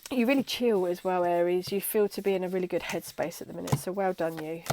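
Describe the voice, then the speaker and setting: A woman's voice: fairly low pitch, steady tone, fast, background noise. A young adult woman chatting casually to camera as she gives a tarot reading. She is bubbly and now and then slips into playful voices. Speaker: tarot reader.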